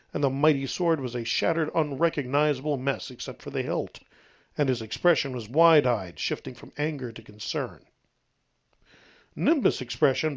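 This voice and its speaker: A man narrating his own novel aloud in a steady, even storytelling read. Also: mid-range voice, creaky, muffled recording.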